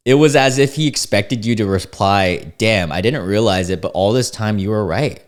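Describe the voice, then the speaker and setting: A man's voice: lowish voice, normal speed, hardly any pauses. A young man hosting a casual reaction commentary, reading dating-app chats aloud in an amused, laid-back way with frequent restarts. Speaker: commentary host reading screenshots.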